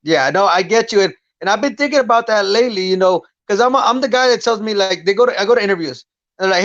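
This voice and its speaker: A man's voice: high-pitched, fast talker, a bit bright, dry recording, lo-fi sound. A man, a guest fighter, chatting bluntly and profanely on a podcast, rambling through his points. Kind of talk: casual podcast chat.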